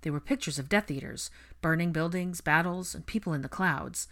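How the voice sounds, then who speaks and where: A woman narrating a fan fiction story in a steady, measured reading. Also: low voice.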